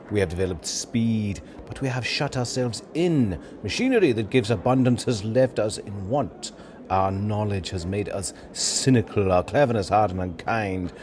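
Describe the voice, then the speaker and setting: A man's voice: on the low side, slight background noise. A Scottish man reading the part of a humble man making an impassioned plea for humanity, swelling into rousing appeals. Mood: earnest. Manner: builds to rousing, almost shouted appeals. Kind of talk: dramatic reading of a film speech.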